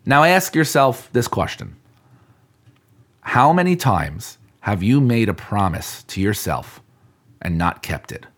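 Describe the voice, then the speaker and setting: A man's voice: lowish voice, sing-song, slow. A man hosting a podcast, talking earnestly to the listener in a coaching manner about keeping commitments. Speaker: podcast host. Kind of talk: motivational podcast talk.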